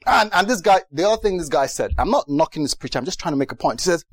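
A man from Britain preaching a sermon in a lively way, often asking the audience if they understand. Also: on the high side, fast, hardly any pauses, dry recording. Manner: lively, mimics other preachers, asks the audience questions.

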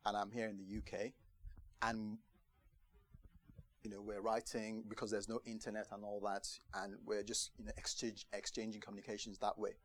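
A man preaching a conversational sermon to a congregation, lively and chatty, acting out the voices he quotes and often asking if they understand. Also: lowish voice, normal speed. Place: church gathering in the UK.

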